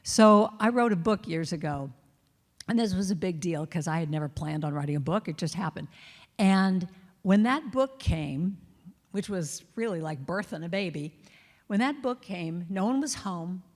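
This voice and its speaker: A woman giving a storytelling talk to a congregation, lively and self-mocking, acting out her inner critic's voice. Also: on the low side, normal speed. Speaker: guest speaker. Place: large reverberant church hall. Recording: long hall reverb.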